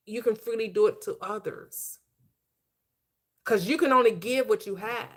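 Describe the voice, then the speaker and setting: A woman's voice: on the high side, a little slow, fairly bright tone. A woman hosting a motivational talk, preaching in emphatic, repeated phrases with a lilt. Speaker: host, manifestation coach. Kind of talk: motivational talk show chat.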